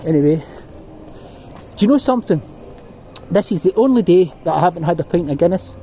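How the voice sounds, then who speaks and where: A middle-aged Scottish man rambles cheerfully through his memories while walking a city street. His voice sits a little high but has a warm, mellow tone. Faint traffic hums behind him, picked up by a handheld phone. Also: animated, brisk, low-quality recording. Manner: rambling, reminiscing, chatty. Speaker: vlogger. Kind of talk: walking tour vlog.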